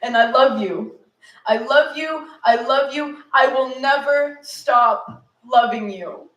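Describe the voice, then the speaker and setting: A woman's voice: high-pitched, takes it slowly, a bit bright. A woman performing a tender, earnest love poem at a cafe open mic. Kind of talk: live poetry reading. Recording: echoey room, mic far off.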